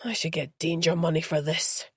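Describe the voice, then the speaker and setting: A woman reading the part of a worn-out adult in an Easter bunny costume who grumbles, in a gravelly, dark voice. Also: on the low side, steady tone, moderate pace, no room sound, clean studio sound. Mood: grumbling.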